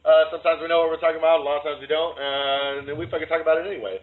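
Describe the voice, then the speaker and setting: A man's voice: on the high side, steady tone, rapid-fire. A man hosting a casual podcast with friends, swearing and laughing through his banter. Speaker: podcast host. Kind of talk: casual chat. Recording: tinny phone-like audio with faint noise.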